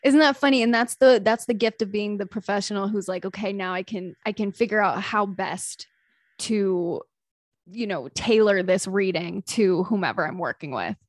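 A woman hosting a podcast, chatting casually and telling animated stories. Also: medium pitch, normal speed, no room sound, clean studio sound. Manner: chatty, animated storytelling with laughs. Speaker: podcast host. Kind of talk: casual chat.

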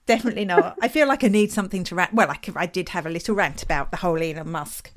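A woman's voice: lowish voice, rapid-fire, very noisy. A woman with an Essex accent co-hosting a podcast, chatting casually with frequent laughs and ranty asides. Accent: Essex English. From England. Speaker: podcast co-host.

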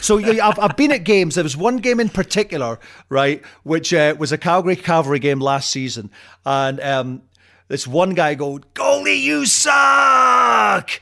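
Chatty storytelling man, a little high. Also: moderate pace. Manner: chatty storyteller, restarts, laughs at own anecdotes. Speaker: podcast guest. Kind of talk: casual chat. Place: home in Canada.

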